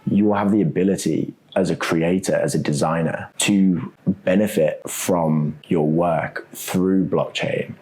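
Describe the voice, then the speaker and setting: A man's voice: deep voice, a little slow, hardly any pauses. A man being interviewed as a guest, talking casually and thinking aloud, often ending points with "right?". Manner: relaxed, thinks aloud with many ums and "right?" tags. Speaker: guest, co-founder of a web3 architecture startup.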